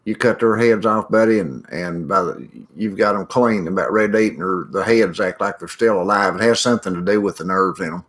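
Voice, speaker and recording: Folksy low-voiced man chatting with viewers. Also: brisk, hardly any pauses, fairly bright tone. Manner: folksy, rambling, greets viewers by name. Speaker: livestream host reading viewer chat. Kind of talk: casual chat.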